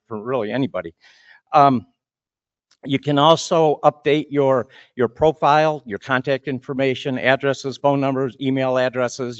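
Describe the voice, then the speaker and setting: A man's voice: medium pitch, no echo, lo-fi sound. A man giving opening remarks as master of ceremonies at a breakfast meeting, chatty and rambling, often repeating words.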